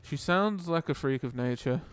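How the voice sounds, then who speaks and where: A man's voice: a little high, expressive, normal speed. Chill guy w a light british accent, swears a lot, gaming chat, faint hiss behind. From Britain. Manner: laid-back, swears casually, laughs often. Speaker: co-op gaming partner. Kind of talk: casual gameplay chat.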